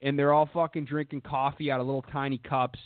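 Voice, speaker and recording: A man's voice: mid-range voice, flat delivery, fast, dry recording. Profane young man rambling on a lo-fi podcast. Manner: profane, rambling, says "dude" a lot. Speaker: podcast host. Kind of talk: crude casual chat. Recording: dry, phone-like lo-fi audio.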